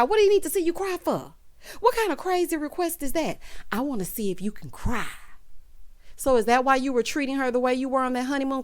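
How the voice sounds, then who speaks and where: A woman hosting a casual reality-show recap, talking sassily and straight to her viewers, with big jumps in pitch for emphasis. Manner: sassy, animated, talks straight to the viewers. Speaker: TV recap host.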